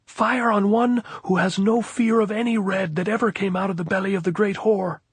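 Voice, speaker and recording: A man's voice: on the high side, big pitch swings, a little fast, slightly rough, no echo, pitched above the performer's own voice, heavily acted. A man reading an audiobook, voicing a volatile army captain who bellows insults and orders. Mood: raging shout. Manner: bellowing, ranting, taunting.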